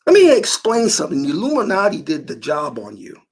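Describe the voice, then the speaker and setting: A man's voice: on the high side, wildly swooping pitch, fairly quick, a little mellow, slightly rough. A man giving a motivational spiritual talk about manifesting through dreams, emphatic and given to storytelling.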